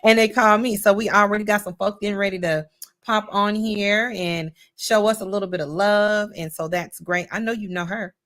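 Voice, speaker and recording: A woman's voice: medium pitch, steady tone, normal speed, fairly bright tone. Woman host, casual livestream talk, playful and folksy, calls her audience y'all, loops back on her words. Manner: chatty, folksy, repeats herself often. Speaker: podcast host. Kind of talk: casual livestream show intro.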